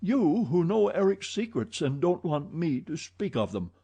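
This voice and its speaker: Audiobook role: a man doing an urgent young aristocrat, higher and louder than the reader's own voice, mellow tone. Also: sing-song, unhurried, slightly rough, full character voice. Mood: impatient. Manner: urgent, pleading, raised voice. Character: young nobleman, frantic and impassioned.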